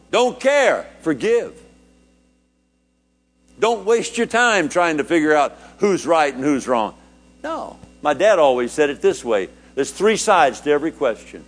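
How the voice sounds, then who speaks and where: Older preacher guy telling a story in a sermon, voice jumps way up then drops low, faint music behind. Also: slightly rough. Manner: animated storytelling, voice rising high then dropping low.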